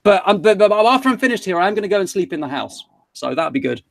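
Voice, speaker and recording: Chatty southern English man, high voice. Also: sing-song, fast talker, gravelly. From England. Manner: chatty, self-mocking, rambling. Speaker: interview guest. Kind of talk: casual livestream chat. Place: garden shed.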